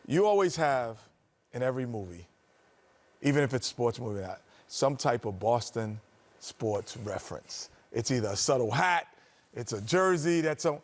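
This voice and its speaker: A man's voice: mid-range voice, animated, moderate pace. A man co-hosting a sports show, prodding the guest with friendly, conversational questions. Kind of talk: casual chat.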